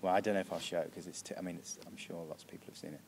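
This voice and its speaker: Backstage, a British comedian rambles casually through interview answers, cutting himself off, restarting sentences and chuckling. He speaks in a low, steady, slightly mellow voice at a racing pace. Slight background noise is audible.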